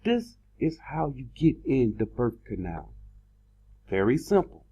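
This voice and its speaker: A man preaching a sermon in an online video, emphatic, repeating words and slowing down to stress his points. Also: medium pitch, wildly swooping pitch, dark tone, husky, dull audio.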